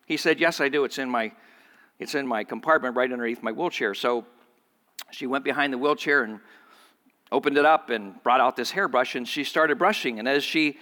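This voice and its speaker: A pastor preaches to his congregation in a big-sounding room, his voice pushed and bright. He tells a story and acts out the people in it, jumping in pitch for each quoted speaker.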